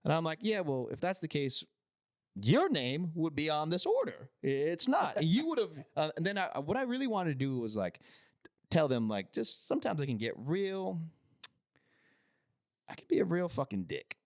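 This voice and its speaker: A man on a podcast telling a rough, profane story about a work site, often acting out the other people's lines. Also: on the high side, big pitch swings, moderate pace, dry recording, studio quality. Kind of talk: casual storytelling.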